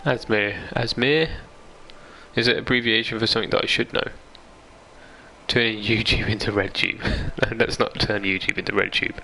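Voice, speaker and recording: Young guy streaming a game, bright gravelly voice, chats away and laughs, reads out comments. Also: lowish voice, level tone, moderate pace, slight background noise, rough recording. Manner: chatty, reads viewer comments aloud and laughs easily. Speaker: live-streaming gamer. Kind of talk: casual live-stream chat over gameplay. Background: game music.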